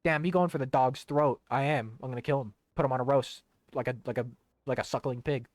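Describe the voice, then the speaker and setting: A man's voice: mid-range voice, steady tone, a little fast, dry recording. A young man casually streaming a video game, rambling, swearing and humming to himself. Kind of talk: casual gaming stream chat.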